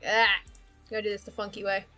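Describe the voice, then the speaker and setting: A woman's voice: medium pitch, level tone, fast talker, bright, forceful tone, soft background music. A woman livestreaming casually, rambling and thinking aloud with frequent laughter. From Australia. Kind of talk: casual livestream chat about worldbuilding.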